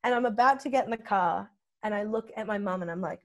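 Young Australian female comedian, candid storytelling, animated delivery with acted-out quotes. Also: medium pitch, quick pace. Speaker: podcast guest, comedian.

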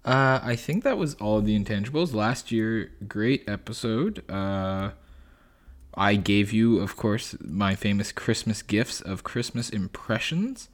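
A man's voice: fairly low pitch, lively intonation, measured pace. A young man co-hosting a podcast, talking casually and laid-back from a home. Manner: laid-back, lots of fillers. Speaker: podcast co-host. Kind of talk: casual chat. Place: girlfriend's family home.

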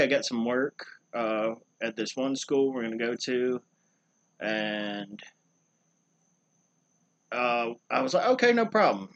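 A young man co-hosts a casual podcast. He tells a long, rambling story in an animated way and throws in wrestling slang. His voice sits at a middle pitch. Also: lo-fi sound. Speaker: podcast co-host.

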